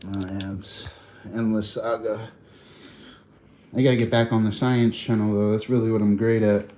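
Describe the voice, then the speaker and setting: A man's voice: on the low side, flat delivery, moderate pace, warm tone. A man chatting loosely on a livestream, rambling in slang and laughing often. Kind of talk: casual livestream chat.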